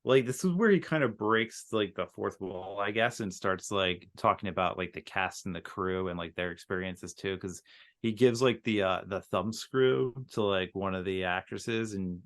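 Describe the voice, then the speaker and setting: A man's voice: sits low, moderate pace, a bit bright. A man guest on a podcast, an author, chatting casually about a film with many "like" fillers.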